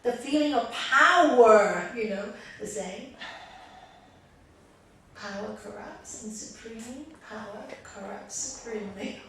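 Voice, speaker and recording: A woman yoga teacher giving a spiritual talk, telling stories lively and acting out the characters. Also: on the high side, slow, slight background noise. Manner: lively storyteller acting out the voices. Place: indoor meeting room of a spiritual group. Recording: echoey room, far from mic.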